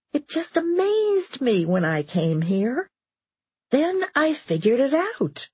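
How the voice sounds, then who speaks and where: A woman voicing an aging mother who is fond, stubborn and wryly teasing, in a raised, lively reading voice. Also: on the high side, breathy edge, no room sound, pitched above the performer's own voice, full character voice.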